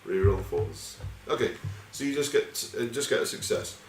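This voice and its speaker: Over music, a medium-pitched man speaks at a normal pace while acting as game master for a tabletop game. He narrates casually, wandering into loose asides and swearing, in an echoey room with faint noise.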